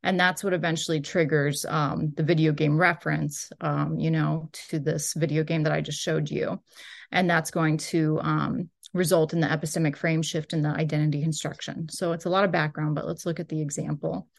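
A woman's voice: low voice, flat delivery, moderate pace, vocal fry. A woman giving a recorded lecture, walking through a transcript in a loose, explanatory way and often hedging as she goes. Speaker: linguistics lecturer.

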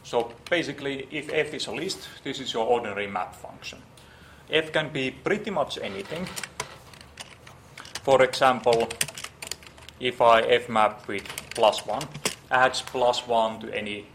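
A man's voice: mid-range voice, a little slow, pauses often, a bit bright, slight background noise. A man lecturing on programming, typing as he explains and thinking aloud with many fillers and restarts.

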